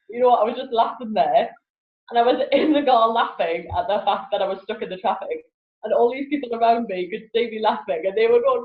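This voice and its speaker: The recording is echoey and phone-like, with a lo-fi feel. In it, a woman who teaches laughter yoga speaks rapidly in a mid-range voice as an interview guest, laughing often and animatedly imitating voices in the casual chat.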